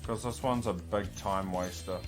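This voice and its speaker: A man commenting on his own speedrun as he plays, talking to himself, often frustrated, swearing and shouting at enemies. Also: low-pitched, fairly even intonation, normal speed, music in the background. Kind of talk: live gameplay commentary.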